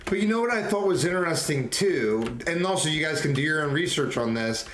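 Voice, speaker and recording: A young man talks on a late-night stream in a rambling, goofy way, laughing easily as tiredness creeps in. His voice sits a bit high for a man. The room around him is echoey, with faint keyboard clicks behind. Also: slight background noise. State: getting tired.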